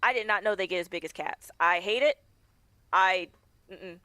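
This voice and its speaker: Bright, chatty woman streamer. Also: mid-range voice, normal speed, no room sound. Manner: chatty, laughs often, acts out quoted dialogue. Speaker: game streamer. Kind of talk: casual storytelling while gaming. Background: faint game music.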